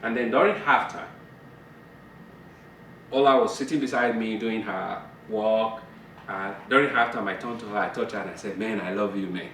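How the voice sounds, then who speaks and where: In a fellowship meeting room, a middle-aged man counsels couples on communication, chatting casually, laughing and performing bits of dialogue. His voice is on the low side and a bit bright, at normal speed with long pauses; the roomy, distant recording carries slight background noise.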